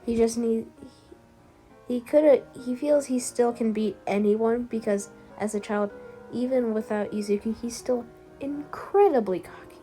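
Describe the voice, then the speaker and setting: A woman's voice: fairly high pitch, moderate pace, mellow, soft background music. A woman casually telling a fan story as a video narrator, rambling with fillers and restarts.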